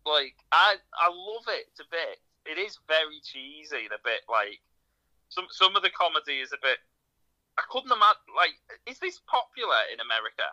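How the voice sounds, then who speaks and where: A man's voice: a little high, very animated, normal speed, bright, forceful tone, poor audio. A man co-hosting a casual podcast, talking hesitantly and saying "like" often. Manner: hesitant, heavy use of "like". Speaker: podcast co-host. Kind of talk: casual chat.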